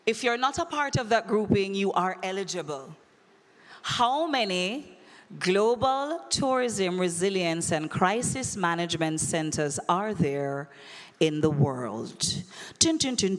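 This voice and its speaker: A woman hosting a quiz at a conference, teasing the crowd in a playful, animated way. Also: fairly low pitch. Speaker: conference emcee running a quiz. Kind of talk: lively live event hosting. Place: large conference hall. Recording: long echoey hall reverb.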